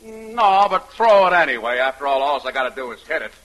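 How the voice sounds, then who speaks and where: A man's voice: on the high side, big pitch swings, fairly quick, fairly bright tone, low-quality recording. An actor playing a boastful young male ballplayer who stammers out excuses, in 1940s radio acting. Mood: cocky. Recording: old radio broadcast with faint hiss.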